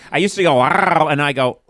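A man's voice: fairly high pitch, moderate pace, a bit bright. A man in his sixties hosting a live comedy podcast, joking, riffing and poking fun at himself. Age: 60s. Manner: joking, self-mocking and riffing. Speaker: podcast host. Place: live show on a stage.

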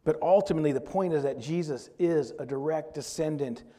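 A man preaching to his congregation, talking easily and checking in with questions as he goes. His voice sits a little high for a man but sounds mellow and warm. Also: brisk. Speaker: pastor. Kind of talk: sermon.

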